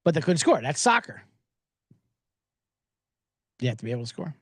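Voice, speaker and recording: A man's voice: fairly high pitch, big pitch swings, normal speed, no echo, studio quality. A man hosting a sports betting podcast, riffing sarcastically and profanely while reading viewer comments aloud.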